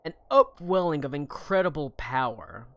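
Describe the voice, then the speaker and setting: A man narrating as game master of a tabletop game, slow and halting with fillers. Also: on the high side, expressive, a bit bright, no room sound, muffled recording.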